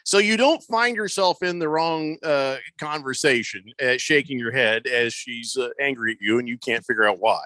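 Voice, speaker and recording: A man's voice: medium pitch, moderate pace, few pauses, pushed and bright, dry recording. A man hosting a sports radio show, giving joking, mock-authoritative advice in casual studio banter.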